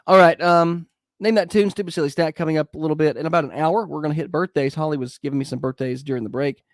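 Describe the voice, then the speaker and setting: A man's voice: fairly high pitch, fast, no echo. Man, radio morning host, nasal stuffy voice, sniffly, upbeat rambling chat, dry close sound.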